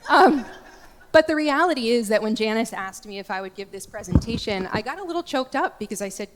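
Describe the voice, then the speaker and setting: A woman giving a candid, lively lecture as a guest speaker, joking with her audience. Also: on the high side, brisk, noisy background. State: getting choked up. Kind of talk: lecture talk. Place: large church. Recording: echoey church hall.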